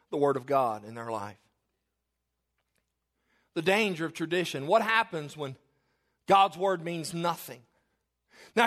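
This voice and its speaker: High, bright-voiced male preacher. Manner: emphatic, repetitive, storytelling. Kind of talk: sermon.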